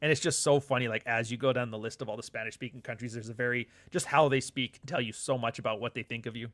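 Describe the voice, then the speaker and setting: A man's voice: medium pitch, fairly even intonation, quick pace, a bit bright, no room sound. Joking, profane man hosting a live chat show. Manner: loose, profane, joking banter with frequent asides. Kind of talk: casual livestream chat, reading viewer comments.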